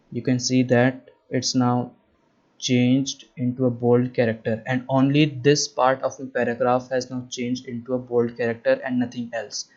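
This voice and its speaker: A man's voice: medium pitch, a little mellow, dull audio. A man with an Indian English accent teaching a web development class over a screen share, explaining patiently and checking in often with "right?". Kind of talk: screen-share coding lesson.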